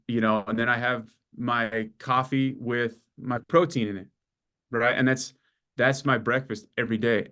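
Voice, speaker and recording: A man in his forties talks through his story in a loose, casual interview. He is animated and swears a lot, and he puts on the voices of the people he meets as he goes. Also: mid-range voice. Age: 40s. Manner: animated storyteller, acts out dialogue, swears freely. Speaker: client giving a testimonial.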